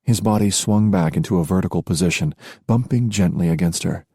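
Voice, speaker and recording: A man narrating a romance audiobook in a measured storytelling voice. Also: low-pitched, warm tone, slightly rough, no echo, clean studio sound. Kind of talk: scripted narration.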